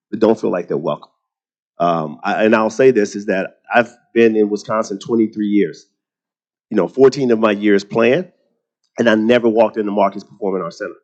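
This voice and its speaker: A man from Texas with a Southern accent, a guest on a luncheon panel, telling animated stories and often restarting his sentences. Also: fairly low pitch, highs cut off. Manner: animated storytelling, repeats words when starting sentences. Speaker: guest speaker.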